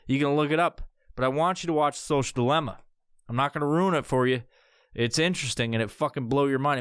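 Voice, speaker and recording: A man hosting a solo podcast, ranting casually with lots of swearing and squeaky impressions of other people. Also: clean tone, no room sound, clean studio sound. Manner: profane, animated, mimics voices in high pitch. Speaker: podcast host.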